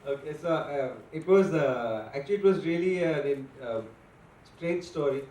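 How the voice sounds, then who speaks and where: Male director, slightly high, hesitant storyteller, distant echoey hall with faint noise. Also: dark tone. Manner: unhurried, with frequent hesitations. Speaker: film director at a press event. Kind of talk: anecdotal storytelling on stage. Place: event stage with an audience. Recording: echoey event hall, from far off.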